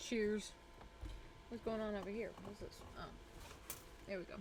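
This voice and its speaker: A young woman streamer chatting casually with her viewers in a relaxed way. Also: medium pitch, normal speed, pauses often, a little hiss or hum.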